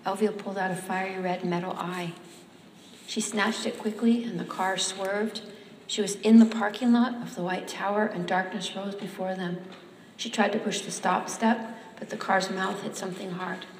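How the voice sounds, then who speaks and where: Woman reading fiction aloud, flat even delivery, echoey hall, faint room noise. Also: mid-range voice, moderate pace. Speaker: author or reader at a reading. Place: hall with audience.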